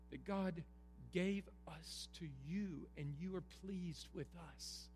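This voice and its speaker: A middle-aged man delivers an earnest sermon, leaning on emphatic repetition. His voice sits a touch high. The hall carries a long reverb over a faint hum. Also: takes it slowly, darkish tone. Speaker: pastor. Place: church sanctuary.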